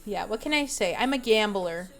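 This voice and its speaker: A woman's voice: mid-range voice, animated, normal speed, soft background music. A young woman streamer chatting casually with her viewers, rambling with lots of fillers and giggles. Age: young adult.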